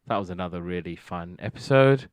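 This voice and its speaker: Low-voiced man recapping TV episodes. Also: fairly quick, smooth, no echo, studio quality. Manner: rambling, filler-heavy, slips into quoted character voices. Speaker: TV review podcast host. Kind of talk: casual retelling of TV episodes.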